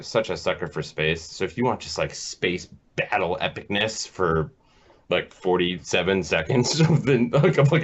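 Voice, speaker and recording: A man telling a casual, rambling, profane gaming story as a podcast host, full of fillers and restarts. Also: low voice. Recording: dull lo-fi recording.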